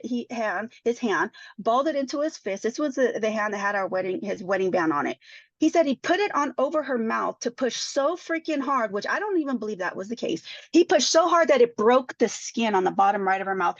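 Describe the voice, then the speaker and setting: A woman's voice: on the high side, expressive, brisk, dry recording. A woman speaking as a podcast panel guest about her own experience, emotional and full of restarts and repeated words. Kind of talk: personal testimony in a podcast panel. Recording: dull lo-fi dry sound.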